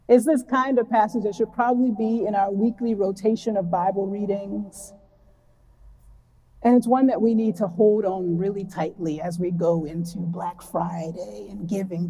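A woman preacher giving a reflective, earnest sermon and reading scripture slowly and deliberately. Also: medium pitch, dark tone, husky. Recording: long hall reverb.

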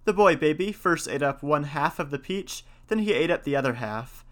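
A man's voice: fairly high pitch, expressive, moderate pace, a bit bright. A man narrating an old folk tale in a folksy, old-fashioned storybook manner.

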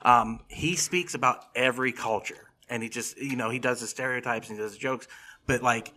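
A man's voice: mid-range voice, brisk, sharp tone. A man in casual conversation, an aspiring comic talking easily and asking questions. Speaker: aspiring comedian, guest. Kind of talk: casual podcast chat.

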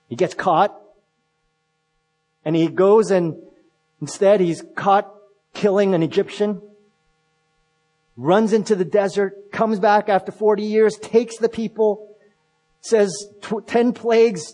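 Husky-voiced male pastor preaching. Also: high-pitched, a little mellow, poor audio. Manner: storytelling, acting out quotes with shifts in volume. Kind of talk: sermon.

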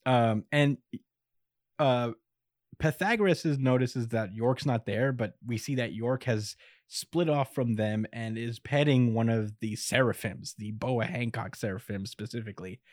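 A man's voice: medium pitch, measured pace, darkish tone, no echo, clean studio sound. Laid-back chuckling man recapping an episode. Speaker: podcast host recapping an anime episode. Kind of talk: casual chat.

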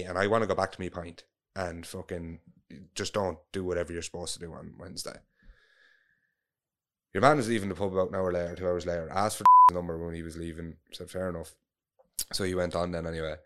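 A man's voice: low-pitched, pushed and bright. An Irish man telling a long story in casual chat, rambling, swearing freely and restarting his sentences.

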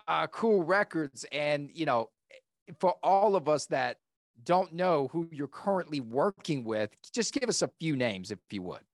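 A man's voice: on the high side, animated, a little slow, no room sound, studio quality. Upbeat Southern-accented podcast host man. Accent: Southern American. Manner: upbeat, casual, uses "man" often. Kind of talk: casual interview chat.

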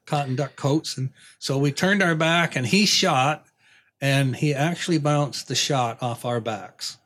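A man's voice: medium pitch, a little slow, a bit bright. A man telling a long hunting anecdote in a folksy, rambling way, with frequent restarts. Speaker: guest storyteller. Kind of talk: casual anecdote.

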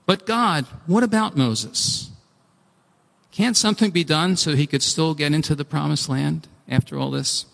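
Animated male preacher in a reverberant hall. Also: a little high, measured pace, vocal fry. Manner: animated, acts out pleading voices, restarts often. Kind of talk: sermon.

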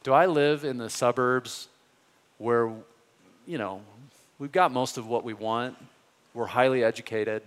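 A man's voice: mid-range voice, measured pace, long pauses, clean tone. A man preaching a sermon as a pastor, earnest and conversational, pressing his points with rising questions. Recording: reverberant hall.

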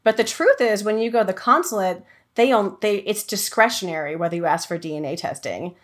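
A woman hosts a casual podcast conversation, explaining at length in a chatty way. She fills her talk with "like" and "um" and restarts her sentences often. Her pitch sits in an ordinary middle range. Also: expressive, a little fast. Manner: chatty, many fillers and restarts. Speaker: podcast host.

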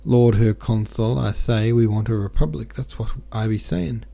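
A man voicing a young labourer who speaks in a slow, rough country dialect. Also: on the low side, warm tone. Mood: stubborn. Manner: slow, drawling dialect speech.

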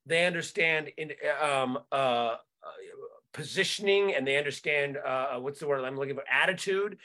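High-voiced man in a profane rant. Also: moderate pace, sharp tone. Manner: profane, repeats words while searching for them, restarts often. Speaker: comedian podcast co-host. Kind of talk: casual political rant.

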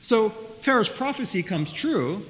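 A man teaching a Bible study class, talking in a lively way, often repeating words and asking his listeners questions. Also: high voice, unhurried. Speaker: Torah teacher. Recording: faint hiss, long reverb.

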